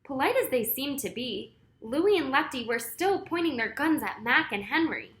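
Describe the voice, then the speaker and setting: A woman reading a children's chapter book aloud, unhurried, fixing her own slips as she goes. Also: sits high, lively intonation, echoey room. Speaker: story reader.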